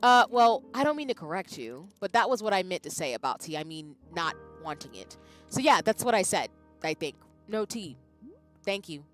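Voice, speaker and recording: A woman's voice: on the low side, very animated, moderate pace, soft background music. A woman doing a timid, flustered customer. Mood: hesitant. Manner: flustered and hesitant. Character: timid, awkward tea shop customer.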